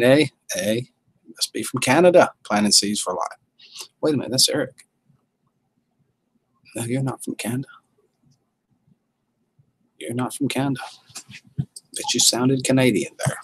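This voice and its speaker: A man's voice: medium pitch, breathy edge, poor audio. A man, hosting a casual livestream and reading out and answering viewer comments in a folksy way. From Southern United States. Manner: folksy, reads chat comments aloud. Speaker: livestream host.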